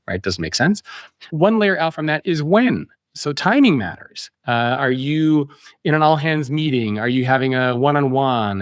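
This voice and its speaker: A man, an author being interviewed on a podcast, explaining ideas in an animated way and acting out quoted voices. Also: mid-range voice, dry recording, studio quality.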